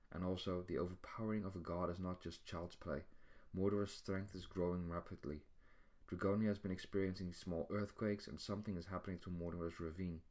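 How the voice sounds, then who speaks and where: A solemn male god speaks slowly and gravely, as a male reader puts him on. The voice sits very low, steady and unhurried, like a storybook elder delivering bad news. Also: close to an everyday voice.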